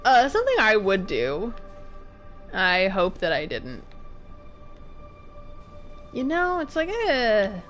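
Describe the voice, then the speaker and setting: A woman's voice: medium pitch, huge pitch swings, takes it slowly, pauses often, a bit bright, faint music behind. A woman streaming a game, chatting casually and rambling, with jumpy nervous exclamations. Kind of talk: casual gameplay commentary.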